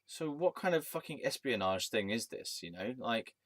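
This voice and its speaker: A man's voice: medium pitch, sing-song, moderate pace, fairly bright tone, no room sound. A man telling a personal story in a rambling, angry rant, swearing and restarting his sentences. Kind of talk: casual storytelling monologue.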